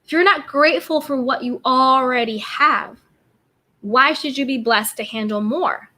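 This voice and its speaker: Speaking in a high, sharp voice at a measured pace, this livestream host reads from her chat during a laid-back self-care stream. She welcomes viewers and repeats cheerful affirmations.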